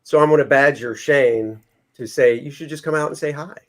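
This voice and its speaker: Male host, light higher voice, relaxed and chatty with his guest. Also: fairly quick. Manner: easygoing, asks questions and reads viewer comments. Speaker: show host. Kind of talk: casual interview chat.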